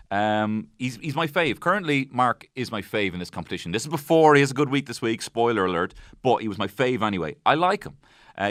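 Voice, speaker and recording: A man's voice: mid-range voice, a bit bright, no room sound. A man hosting a comedy podcast from a studio. He recaps an episode in a rambling, jokey way and swears freely. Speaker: podcast host.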